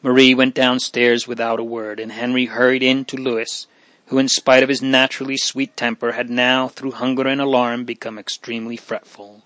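A man reading a story aloud in a measured way, softening on sad passages. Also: mid-range voice, level tone, dry recording, poor audio. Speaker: narrator. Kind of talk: audiobook narration.

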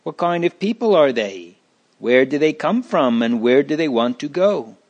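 A man's voice: a little high, big pitch swings, normal speed, darkish tone, lo-fi sound, voice pushed up. A man voicing a giant's cruel, scheming wife who urges him to show no mercy. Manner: coaxing, pitiless.

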